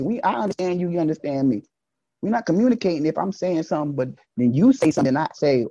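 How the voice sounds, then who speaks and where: Animated, preachy man with a muffled sound. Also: fast talker, no room sound. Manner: animated and emphatic, swings between loud bursts and low asides; preachy, speaks to listeners directly. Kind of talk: casual monologue.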